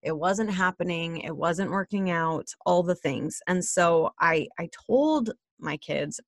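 Woman, 30s, mom, chatty personal storytelling, lowish voice, dry sound. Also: measured pace, hardly any pauses, dry recording. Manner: chatty and candid, with frequent "like" and "right?". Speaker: mother sharing a personal story.

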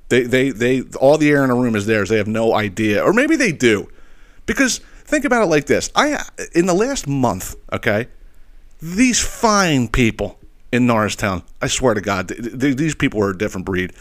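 A man's voice: medium pitch, fairly bright tone. A man hosting a podcast, telling a story as a profane, exasperated solo rant and checking in with listeners with a constant "okay?". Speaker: podcast host.

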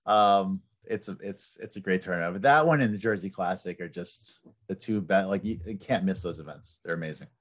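Low-voiced man, talk-show guest, chatty and animated. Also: fairly quick, few pauses. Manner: animated storyteller with lots of fillers. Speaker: podcast guest. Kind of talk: casual chat.

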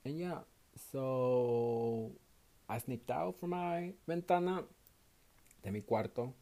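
A man's voice: medium pitch, slow pace, mellow. Tired young man with a Mexican Spanish accent. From Houston, Texas, USA. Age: young adult. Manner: swears a lot, switches between English and Spanish. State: tired after night shift. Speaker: podcast host. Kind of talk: casual solo podcast monologue.

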